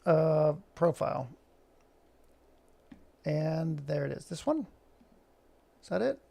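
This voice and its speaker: A man's voice: a little high, big pitch swings, takes it slowly, vocal fry, dark tone. A man chatting casually in a rambling way, full of fillers, while working on animation. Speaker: animator and vlogger.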